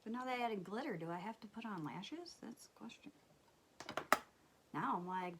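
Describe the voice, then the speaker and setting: A woman telling a story while doing her makeup, chatty and rambling, with fillers and soft asides. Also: mid-range voice, expressive, normal speed, long pauses, noisy background. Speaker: beauty vlogger and mother. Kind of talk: casual get-ready-with-me story chat.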